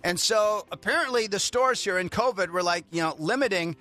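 A man hosting a morning radio talk segment, chatting in a lively way. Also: sits high, a little fast, soft background music. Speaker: radio host.

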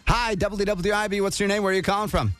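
A man's voice: sits high, steady tone, a bit bright, soft background music. Jokey morning radio host, man. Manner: jokey, upbeat, quick asides. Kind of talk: casual radio banter taking calls.

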